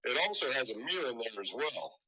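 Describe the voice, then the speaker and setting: A man guesting on a live stream, chatting casually with dry, deadpan humor. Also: medium pitch, a little fast, a crowd in the background, low-quality recording. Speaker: guest podcaster.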